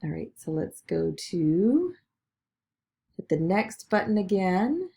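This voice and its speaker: A woman giving a chatty screen-recorded software tutorial, talking through each click with lots of "okay" and "all right". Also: mid-range voice, big pitch swings, slow, vocal fry. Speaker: business video tutor.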